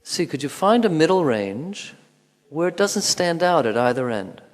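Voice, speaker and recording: A man calmly guiding a movement lesson, giving instructions with pauses and counted beats. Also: on the high side. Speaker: movement teacher. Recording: long hall reverb.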